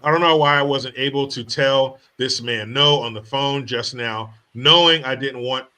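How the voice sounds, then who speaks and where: A man's voice: medium pitch, normal speed, sharp tone, lightly acted. A man voicing a baffled, whiny young male job applicant who speaks in an incredulous, exasperated way.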